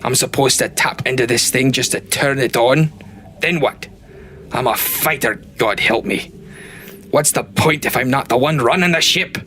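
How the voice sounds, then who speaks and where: A man voicing a gruff, stubborn but protective male dwarf fighter in a tabletop game. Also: mid-range voice, moderate pace, bright, forceful tone, a little hiss or hum, close to an everyday voice. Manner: gruff, calls people lass.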